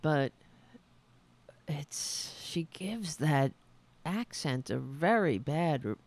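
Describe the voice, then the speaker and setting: A woman's voice: low-pitched, expressive, very slow, a little mellow. A woman with a New York accent hosting a podcast, giving blunt, sarcastic commentary on clips. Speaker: podcast host.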